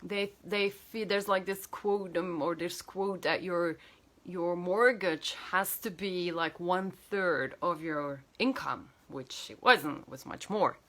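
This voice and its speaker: A woman coach telling a personal story to camera, animated and emotional, with many fillers and restarts. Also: on the low side, slow. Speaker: healer and coach.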